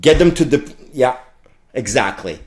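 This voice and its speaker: A man in his late thirties, a guest on a podcast, speaking casually and animatedly, firing out thoughts in quick bursts with playful sound effects. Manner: animated, talks fast in bursts with sound effects like bam and boom. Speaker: guest, fractional CTO.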